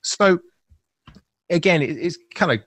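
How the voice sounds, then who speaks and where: Rambling podcast host, dry sound. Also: male voice, on the high side, expressive, measured pace, fairly bright tone, husky, no room sound. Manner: long rambling questions with restarts. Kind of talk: casual podcast conversation.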